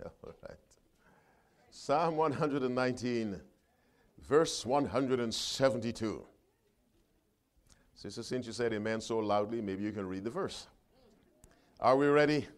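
A man preaching a sermon, reading scripture aloud with his congregation and calling for responses, loud and emphatic on the verses and quieter between them. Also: mid-range voice, a little slow, pauses often.

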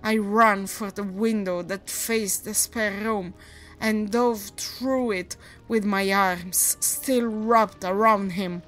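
A woman narrating a first-person horror story in a measured, deliberate way. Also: mid-range voice, fairly even intonation, fairly bright tone, faint music behind, poor audio.

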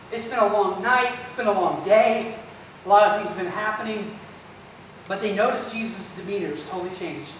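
Animated pastor preaching in an echoey hall. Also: male voice, high voice, a little hiss or hum. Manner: conversational, animated retelling with acted-out asides. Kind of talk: sermon. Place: church sanctuary. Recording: echoey church hall, voice from far off.

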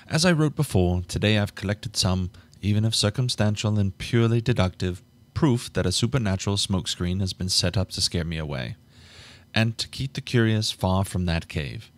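Deep-voiced male audiobook narrator. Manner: measured, restarts flubbed lines.

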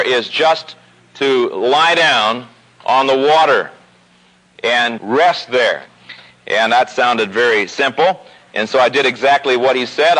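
A man preaching a sermon, telling a personal story with growing animation and pausing slowly on key points. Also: sharp tone, poor audio. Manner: storytelling, rising pitch as the story builds. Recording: old radio broadcast recording.

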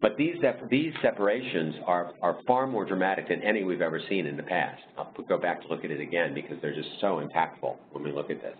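A man presenting a webinar over slides, explaining in a measured way with frequent pauses and restarts. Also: deep voice. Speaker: diversity consultant leading a webinar. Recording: tinny phone-like line with faint noise.

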